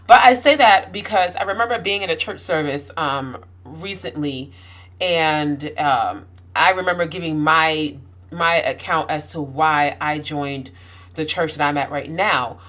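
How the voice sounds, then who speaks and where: A woman's voice: low voice, a bit bright. A woman talking candidly to camera about her own experiences, outspoken and passionate, with frequent restarts and rising emphasis. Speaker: vlogger. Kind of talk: candid personal talk to camera.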